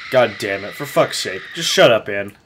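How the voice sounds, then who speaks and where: Male gamer, casual let's play talk, lively swooping voice, swears nonstop, loud outbursts. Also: fairly low pitch, moderate pace, heavy background noise. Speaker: gamer playing through a game.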